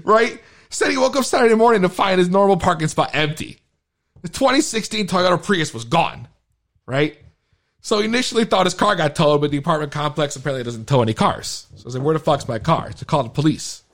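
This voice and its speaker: Lively tipsy man swearing through stories. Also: a little high, a little fast. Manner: profane, animated storytelling. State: tipsy, stumbling over words. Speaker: podcast host. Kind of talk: casual podcast banter. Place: podcast studio.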